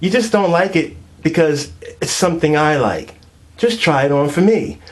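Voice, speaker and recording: A man voicing a pushy, bubbly young girlfriend who coaxes insistently in a high, wheedling tone. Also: expressive, moderate pace, slight background noise, lightly acted. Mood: coaxing.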